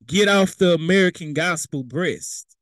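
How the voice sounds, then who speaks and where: A young man preaching in a lively, conversational way, mixing scripture with casual street talk and little acted-out voices. His voice sits a bit high for a man. The recording is close and dry, with no room sound. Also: measured pace, no echo. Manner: conversational preaching with vernacular asides and quoted voices. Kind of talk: sermon.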